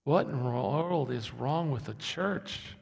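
A man in his sixties preaching a sermon, swinging from low, quiet asides to loud, impassioned peaks. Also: lively intonation, slow pace, vocal fry. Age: 60s. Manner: impassioned, building to loud emphatic peaks then dropping low. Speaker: pastor. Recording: echoey hall.

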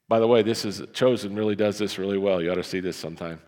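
A pastor speaks fast and almost without pausing in a lowish voice, his sermon echoing through a big church hall. Conversational and lively, he performs the voices of the Bible characters he describes.

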